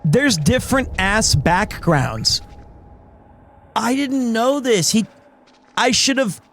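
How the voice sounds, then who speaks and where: A young man, hoarse and recovering from illness, chatting casually and in a rambling, self-deprecating way while streaming a game. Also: very high voice, lively intonation, slow pace, long pauses, fairly bright tone, a little hiss or hum. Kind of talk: casual chat while gaming.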